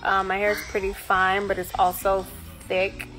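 A woman's voice: medium pitch, completely flat delivery, normal speed, a bit bright, faint music behind. A woman who is a mother and vlogger, chatting casually and rambling loosely to her followers.

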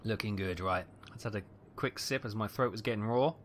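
A man giving tense, excitable live commentary on a naval battle game, calling out ranges and fire orders. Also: fairly low pitch, a little fast, slight background noise. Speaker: gameplay commentator.

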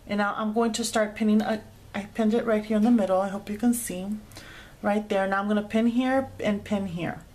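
A woman's voice: medium pitch, fairly even intonation, a little fast, darkish tone. A woman hosting a craft tutorial, chatting casually as she explains each sewing step with frequent fillers.

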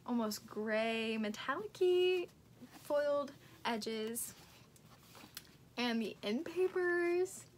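A woman's voice: fairly high pitch, fairly bright tone, a little hiss or hum. A young woman chatting casually as she unboxes book merchandise, gushing and easily awed.

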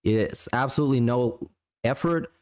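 A man's voice: medium pitch, moderate pace, darkish tone. A man co-hosting a podcast in casual chat, dismissive and critical. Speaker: podcast co-host.

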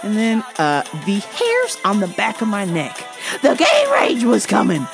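Woman ranting a funny work story, swearing a lot, pitch jumping all over, faint music behind. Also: unhurried, gravelly. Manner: profane, animated, acts out dialogue. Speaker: vlogger. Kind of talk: comedic storytelling rant.

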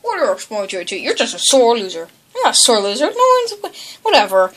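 Woman, gaming commentary, high voice, swooping pitch, excitable, yelps and groans. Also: a little fast. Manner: excitable, yelps and groans, bickers with toy characters. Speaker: gaming channel host. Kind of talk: excited video game commentary.

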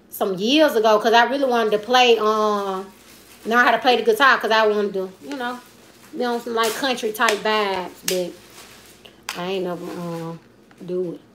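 A woman's voice: on the high side, a bit bright. A woman in her twenties, a comedian chatting casually on a live stream, rambling in slangy talk and reading viewer comments aloud. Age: 20s. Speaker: comedian and YouTuber.

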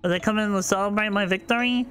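A woman's voice: medium pitch, fast talker, a bit bright, soft background music. A woman gaming content creator commentating a horror game, panicky, shrieking and playful with made-up words.

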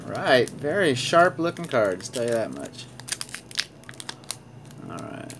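A man's voice: mid-range voice, sing-song, slow, noisy background. A man casually narrating as he opens sports card packs, reading out card names and chuckling now and then. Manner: chatty, reads card names aloud with small laughs. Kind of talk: casual pack-opening commentary.

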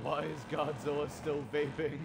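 A man's voice: on the high side, little pitch movement, normal speed, vocal fry, very noisy. A young man joking crudely and laughing while playing an online shooter with friends. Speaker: gamer. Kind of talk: casual gaming chat.

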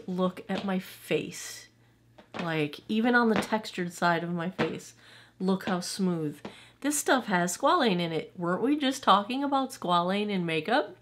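A woman in her forties reviewing makeup in a casual, gushing and emotional way. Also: fairly low pitch. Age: 40s. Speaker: beauty vlogger.

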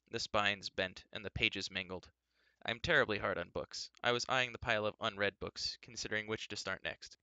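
A man's voice: fairly low pitch, bright, forceful tone, clean tone, no echo, lo-fi sound. A man reading a novel aloud in a dry, wry first-person narration. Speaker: reader.

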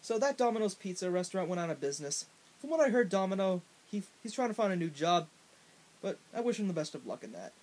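A man's voice: high-pitched, big pitch swings, quick pace, a little mellow. A man vlogging to camera, telling a comic story in a rambling way with many fillers and restarts. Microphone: in front of a camera.

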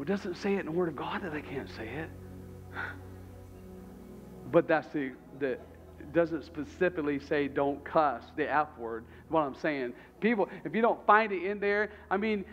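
A man's voice: high voice, dull audio. A man preaching a sermon as pastor, talking conversationally and animatedly and repeating his phrases.

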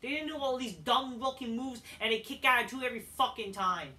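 A man's voice: extremely high pitch, brisk, few pauses, bright, forceful tone, far from the mic. A man reviewing a wrestling show in a heated, profanity-laden rant.

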